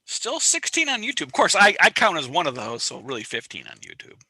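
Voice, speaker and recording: Bright-voiced man hosting an astronomy stream. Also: on the high side, a little fast, slightly rough, no room sound. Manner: relaxed, rambling, self-deprecating humor. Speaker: astronomy outreach host. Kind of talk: casual livestream chat. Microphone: online call mic.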